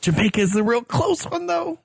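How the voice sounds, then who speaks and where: A man's voice: extremely high pitch, very animated, brisk, creaky, husky, no echo, clean studio sound. A man co-hosting a casual sports podcast, playful in his banter. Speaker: podcast co-host. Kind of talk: casual chat.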